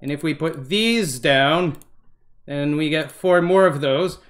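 A man hosting a let's-play gaming commentary, excitable and easily startled, narrating every move and talking to viewers as "guys". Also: fairly high pitch, slow pace. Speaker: gaming channel host.

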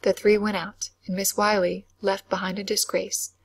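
A woman narrating a classic novel in a whispered role-play reading, soft, slow and soothing. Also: mid-range voice, flat delivery, husky.

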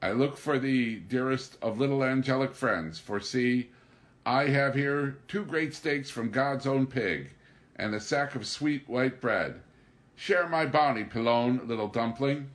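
A loud, sly young drifter coaxes a friend with high, theatrical flattery, as a male reader puts him on. His voice jumps well above a low natural range and swings widely. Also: unhurried. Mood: coaxing. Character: exuberant scheming young male drifter, coaxing.

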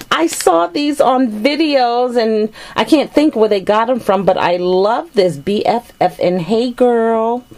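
A woman's voice: a little high, darkish tone, slight background noise. A middle-aged woman chatting casually while unboxing a gift package, gushing with thanks over each item. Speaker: vlogger opening a gift package.

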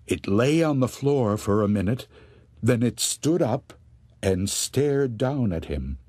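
A man narrating scary stories for an audiobook, telling them slowly and with suspense. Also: mid-range voice, no echo, studio quality. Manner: slow, suspenseful, expressive telling. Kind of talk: scripted storytelling narration.

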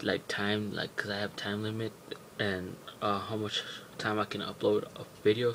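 Young guy rambling thru a casual vlog into a webcam, cussing a lot, low gravelly voice, lil bit of hiss. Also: rough recording. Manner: rambling, profane, many fillers and restarts. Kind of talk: casual vlog movie recap.

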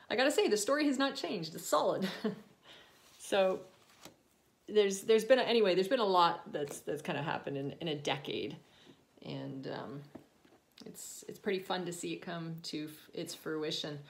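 A woman's voice: lowish voice, lively intonation, moderate pace, gravelly. A woman author reading her own story aloud and chatting about it between passages, laughing often and drifting into asides.

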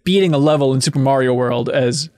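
A man hosting a casual podcast chat, reacting with quick excitement. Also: medium pitch, very noisy. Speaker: podcast host.

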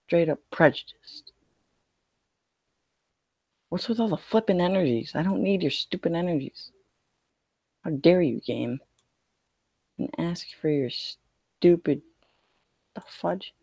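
Young male streamer, whiny and mock-scared, gravelly, slow, a bit high. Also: a little mellow, no room sound. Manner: whiny, mock-scared, self-pitying complaining. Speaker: gaming streamer. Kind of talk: live-streamed card game commentary.

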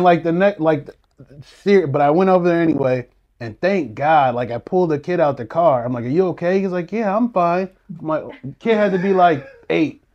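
A man casually telling a story to friends, animated and laughing, acting out what others said. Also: on the high side, lo-fi sound. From US Midwest. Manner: animated, laughing, swearing, acts out quotes. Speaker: storyteller in a group chat.

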